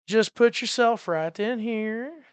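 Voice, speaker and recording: A game master playing a male flight attendant kept perpetually happy by medication, bubbly and bright-voiced. He turns flustered and apologetic when something confuses him. The voice is crisp and close, with no room echo. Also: medium pitch, slow pace, lightly acted. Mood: cheery. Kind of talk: tabletop game role-play.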